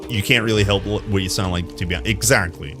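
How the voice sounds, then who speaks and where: A man's voice: fairly low pitch, steady tone, fast, over music. A young man live-streaming a game, chatting loosely with viewers, often correcting himself mid-sentence and laughing at the chat. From America. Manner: rambling, self-correcting, answers chat with laughs.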